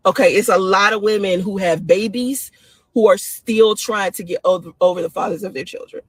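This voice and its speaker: A woman talking casually on a live stream, excitable and laughing often, her voice swooping up high. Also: a little fast, slightly rough, no echo. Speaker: live-stream host giving dating opinions.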